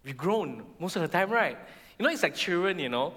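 A middle-aged man, preaching a sermon in a church hall and acting out voices in animated bursts. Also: a little fast. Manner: animated, acts out the Israelites' complaints in high voices. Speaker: pastor. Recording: long hall reverb.

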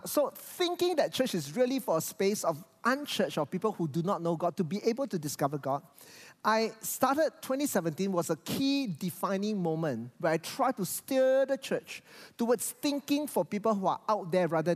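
Speaking at a moderate pace, the pastor gives a sermon full of lively pitch swings and frequent word repetitions. Behind him, the church hall's long reverb hangs in the air.

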